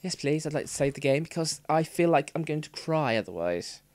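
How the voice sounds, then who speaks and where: A man's voice: on the high side, big pitch swings, a little fast, a little mellow, no room sound. A man livestreaming gameplay commentary, frustrated and swearing through exasperated outbursts. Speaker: let's play streamer.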